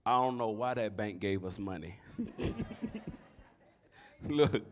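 A middle-aged man, preaching a sermon that swings from soft storytelling to shouting. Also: lowish voice, slow pace. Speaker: pastor.

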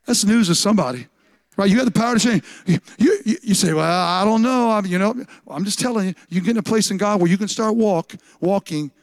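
A man's voice: high voice, fast, no echo. A man preaching a sermon as pastor, emphatic and repetitive, often restarting his words.

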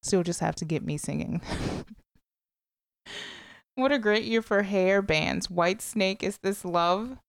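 A woman's voice: medium pitch, measured pace, vocal fry, long pauses, clean tone, dry recording. Woman podcaster chatting, swears a bit, sings bits of songs, dry sound. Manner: chatty, breaks into sung song snippets; blunt, swears casually. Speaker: podcast co-host. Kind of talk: casual chat.

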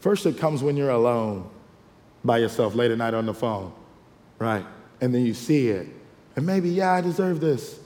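Lively pastor preaching in a reverberant church. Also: male voice, medium pitch, moderate pace, long pauses. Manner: lively, call-and-response preaching with asides and acted-out quotes. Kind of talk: sermon. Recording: long hall reverb.

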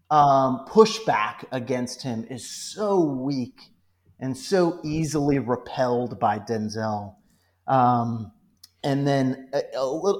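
A man talking casually as a podcast guest, retelling film scenes in an animated, joking way. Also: mid-range voice. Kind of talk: casual movie podcast chat.

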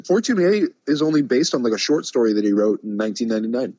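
A man co-hosting a casual chat show, laughing often and reacting with lively energy. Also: medium pitch, very fast, no echo, muffled recording. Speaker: podcast co-host.

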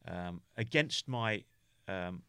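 A low-pitched man from the United Kingdom, appearing as a podcast guest, tells a personal story haltingly, with many restarts and "you know" fillers. His voice is expressive, pushed and bright, with a clean tone, and the recording is dry.

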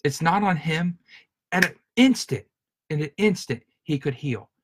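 A man's voice: a little high, lively intonation, unhurried, husky, no echo. A man preaching a sermon in an earnest, emotional way, often restarting and repeating his words. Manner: earnest, repetitive, stumbling restarts. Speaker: pastor.

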